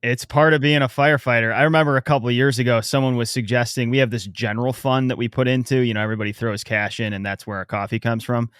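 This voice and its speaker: A man's voice: mid-range voice, fairly even intonation, quick pace, few pauses, a bit bright, clear, resonant tone, no echo, studio quality. A man co-hosting a podcast in casual chat, an easygoing storyteller asking questions. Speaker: podcast co-host.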